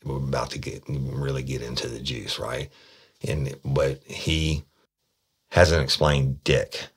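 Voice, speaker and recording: A man's voice: extremely low pitch, flat delivery, slow, creaky, slightly rough. A middle-aged man, telling a case story bluntly and profanely, with frequent stammered restarts. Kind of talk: casual spoken storytelling podcast.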